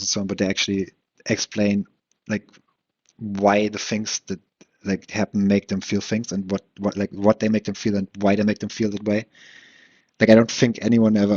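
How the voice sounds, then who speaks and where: Young guy rambling on his own podcast, slight lisp, kinda husky and low, dull lo-fi home mic. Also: dry recording. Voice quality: slight lisp, slurring words. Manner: rambling, profane, self-deprecating, lots of fillers and restarts. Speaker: podcast host. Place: room at home.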